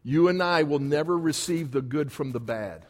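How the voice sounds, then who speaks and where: A man's voice: a little high, moderate pace. A man preaching a sermon as pastor in a church, emphatic and repetitive in his cadence. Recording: long hall reverb.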